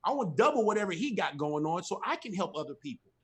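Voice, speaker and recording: A man's voice: high-pitched, sing-song, fast. Man, middle-aged, impassioned testimony, preacherly cadence, emphatic, talking from home. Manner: emphatic, repetitive, preacherly cadence with frequent "you know". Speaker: guest on a ministry talk show.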